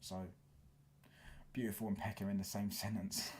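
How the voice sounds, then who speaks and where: London bloke on a football stream, lowish voice, slangy and loose, keeps going "you get me". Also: male voice, level tone, normal speed. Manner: casual slangy, keeps asking "do you get what I'm saying". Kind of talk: live stream chat reading comments.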